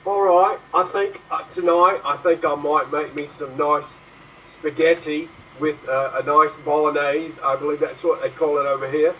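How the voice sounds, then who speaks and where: A man's voice: a little high, steady tone, normal speed, a bit bright, far from the mic, a little hiss or hum, low-quality recording. A man playing in an improvised comedy scene, switching playfully between characters. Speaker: improv performer.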